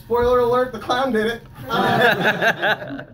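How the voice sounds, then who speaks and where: A man's voice: very high voice, fairly even intonation, slow pace, bright, forceful tone. Man doing crude stand-up, echoey and distant. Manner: crude jokes, frequent filler words and self-laughing. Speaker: stand-up comedian. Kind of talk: stand-up comedy set. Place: small comedy room with audience. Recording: echoey room, mic at a distance, noisy. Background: audience laughter and chatter.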